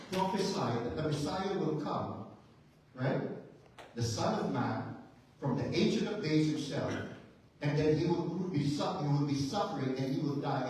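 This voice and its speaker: Male pastor, high voice, fervent sermon delivery, recorded from a distance in a very echoey church. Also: a little mellow, a little hiss or hum. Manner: emphatic preaching, rhetorical questions, rising to intense fervor. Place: church sanctuary.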